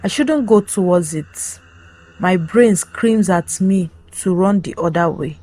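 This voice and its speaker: A woman tells a first-person horror story in short, clipped, dramatic sentences. Her pace is very slow and unhurried, and her voice sits on the low side. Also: warm tone, slight background noise. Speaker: narrator.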